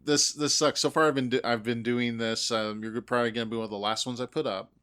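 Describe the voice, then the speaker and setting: A man hosting a podcast in casual chat, easygoing and quick to laugh. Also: medium pitch, fairly even intonation, a bit bright, clear, resonant tone. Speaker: podcast host.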